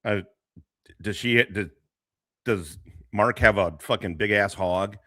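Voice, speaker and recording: A man's voice: fairly low pitch, takes it slowly, bright, forceful tone, no echo, clean studio sound. A man giving crude, mocking commentary on a clip, swearing and laughing as he talks. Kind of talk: casual profane commentary.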